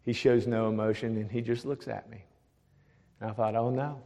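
A man, a pastor, telling a testimony story, dropping to a hush for the words of others. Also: fairly low pitch, little pitch movement, moderate pace, gravelly. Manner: drops to a hushed voice for quoted speech. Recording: long hall reverb.

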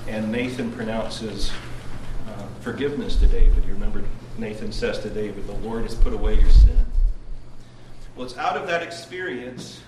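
A man preaching a devotional sermon at a prayer meeting, retelling with earnest emphasis and swings in loudness. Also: medium pitch. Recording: roomy distant recording with background noise.

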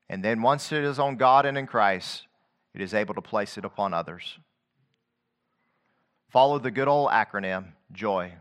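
A man delivers a sermon, reciting scripture with a rhythmic cadence as he moves between soft, low stretches and loud, climbing proclamation.

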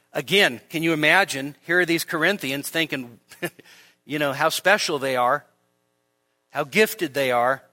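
A male pastor preaching a sermon in a church, animated, with humor and rhetorical questions. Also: fairly high pitch, dry recording.

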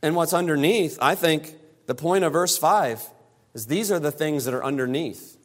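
A man's voice: a little high, normal speed. A man preaching an expository sermon, emphatic and given to repeating phrases for stress. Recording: long hall reverb.

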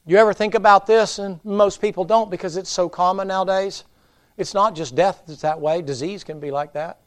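A man preaching a folksy revival sermon in a church, his voice sitting a little high. He sinks to near whispers on somber points and then rises sharply to loud emphasis. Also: steady tone, fairly quick. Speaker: pastor.

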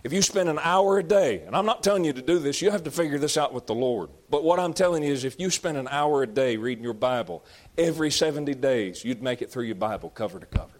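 A man preaching a sermon, swinging between loud, drawn-out exhortations and low, conversational asides. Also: lively intonation. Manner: rising to shouted exhortation, then dropping low and conversational.

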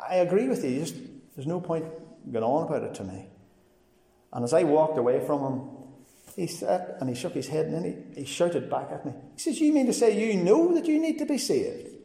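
A man's voice: a little high, gravelly, mellow. A man giving a personal testimony sermon, telling his story earnestly and acting out what others said to him. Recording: reverberant hall.

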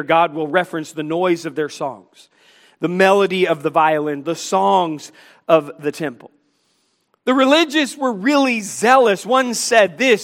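A man's voice: high-pitched, a bit bright. A man preaching a sermon, emphatic as he quotes and explains scripture, with a sarcastic edge. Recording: long hall reverb.

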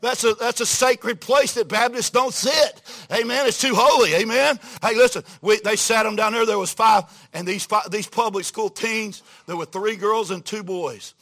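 High, bright-voiced folksy preacher. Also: male voice, normal speed. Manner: folksy, animated, swings from hushed quotes to loud exclamations. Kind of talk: storytelling sermon. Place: church before a congregation.

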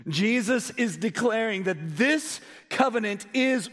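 A male pastor with a high voice delivers a sermon, firing rhetorical questions at his listeners. He moves between loud emphasis and low, quiet stretches. His words ring with the long reverb of a big hall. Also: a little slow.

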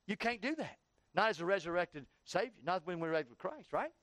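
Male pastor, high voice, fervent sermon delivery, dry close recording. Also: very animated, fast, a bit bright, no echo. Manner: preaching with rising, heated questioning. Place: church.

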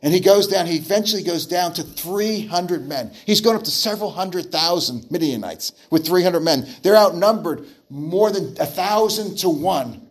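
A man preaching an earnest sermon, repeating phrases and restarting lines as he explains a Bible passage. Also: fairly high pitch. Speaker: pastor.

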